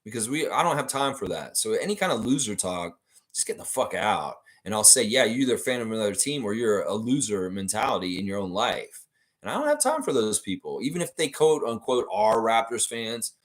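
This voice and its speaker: A man's voice: lowish voice, a little fast. A man hosting a fan livestream, ranting and reading out viewer comments in a casual, profane way. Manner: animated, ranting, profane, talks straight to viewers. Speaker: fan channel host.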